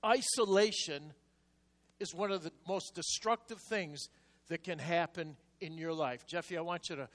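An older man preaching a sermon, telling stories in a hushed voice and then rising into loud exhortation. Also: on the high side, normal speed. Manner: animated storytelling, swinging from hushed asides to loud exhortation. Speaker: pastor. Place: church sanctuary. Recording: long reverb of a large hall.

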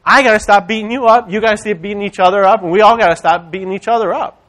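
A man preaching a sermon, animated and conversational, swinging from loud rallying calls to quiet storytelling. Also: high voice, fast talker. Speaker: church speaker.

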